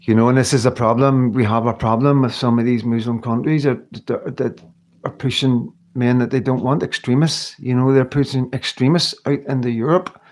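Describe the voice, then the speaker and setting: A man's voice: medium pitch, steady tone, normal speed, a little mellow. Emotional middle-aged man livestreaming. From United Kingdom. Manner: emotional, earnest, impassioned; rambling with repeated restarts. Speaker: livestream host. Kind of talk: live stream talk to viewers.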